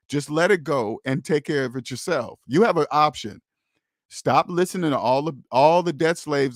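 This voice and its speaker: Preachy man, fairly high voice. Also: dry recording, clean studio sound. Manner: emphatic and preachy, repeats phrases, addresses viewers directly. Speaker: host of a personal finance livestream. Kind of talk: casual livestream talk.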